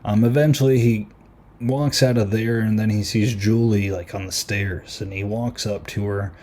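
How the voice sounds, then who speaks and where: A man's voice: fairly low pitch, steady tone, normal speed, darkish tone, a little hiss or hum. A man hosting a podcast, casually recapping a horror film with lots of fillers and retelling lines. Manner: chatty, lots of "like" and "um". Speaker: podcast host. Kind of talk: casual movie review recap.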